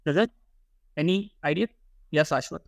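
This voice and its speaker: Young guy teaching a class, kinda high voice, dry close sound, keeps repeating himself and quizzing students. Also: normal speed, gravelly, no echo. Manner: repeats words, asks the class questions. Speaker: workshop instructor. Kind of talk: classroom lecture.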